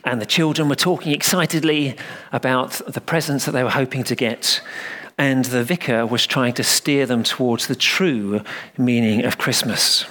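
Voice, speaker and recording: A male preacher giving a sermon with a mid-range voice and a humorous, self-deprecating manner. He tells stories with easy comic timing and slows right down on the lines he wants to stress. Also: medium pitch, fairly bright tone.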